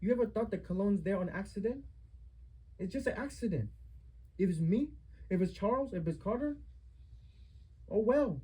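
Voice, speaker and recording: A man's voice: high voice, animated, normal speed, long pauses, mellow, breathy edge, low-quality recording. A young man in a heated family argument, confronting his mother with accusing, repetitive rhetorical questions.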